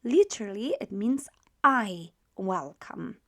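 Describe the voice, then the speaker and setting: A woman's voice: mid-range voice, very animated, takes it slowly, pushed and bright. A woman teaching a beginner language lesson, explaining patiently and repeating words for practice. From Poland.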